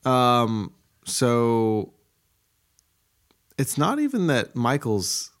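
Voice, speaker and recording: A man's voice: medium pitch, big pitch swings, extremely slow. A man co-hosting a podcast in casual chat, teasing his partner with dry banter. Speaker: podcast co-host.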